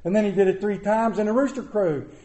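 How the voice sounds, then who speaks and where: A middle-aged man preaching a sermon, with dramatic pauses and repetition. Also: sits high, dark tone. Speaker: pastor. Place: church sanctuary. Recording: echoey room.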